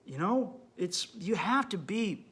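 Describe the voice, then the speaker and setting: A man hosting a comedy podcast, talking crudely and bluntly and acting out his own thoughts in an animated monologue. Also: sits high, slow, slightly rough. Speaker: podcast host.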